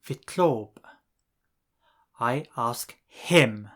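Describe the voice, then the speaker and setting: A man teaching a scripted language lesson, saying phrases slowly and deliberately and pausing so the listener can repeat them. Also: medium pitch, lively intonation, a bit bright. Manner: slow, deliberate drilling with pauses for repetition.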